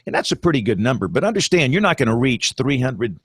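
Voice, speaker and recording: A man's voice: medium pitch, big pitch swings, fast, breathy edge, dry recording. A man hosting a weather talk show, giving firm advice in casual panel chat. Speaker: broadcast meteorologist host.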